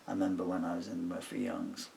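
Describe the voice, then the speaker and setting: Older man with a low gravelly voice. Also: sing-song, fast, distant mic, noisy background. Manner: meandering, self-interrupting, muttered asides. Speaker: songwriter. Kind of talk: casual rambling talk while writing a song. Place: home recording studio.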